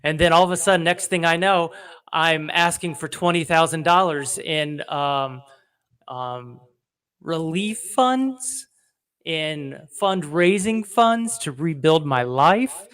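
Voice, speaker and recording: A man co-hosting a loose comedy podcast, his voice sitting slightly high. He rambles through self-deprecating stories and acts out little exchanges in made-up voices, filling gaps with ums and uhs. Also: unhurried, a bit bright, clean tone. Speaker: podcast co-host.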